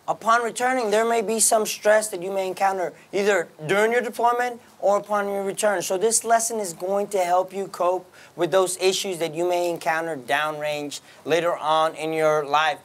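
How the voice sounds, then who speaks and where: A man teaching a military classroom lesson, brisk and commanding, often checking in with the class. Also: high-pitched. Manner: brisk, commanding, keeps asking the class "right?". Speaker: military instructor. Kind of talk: classroom lecture.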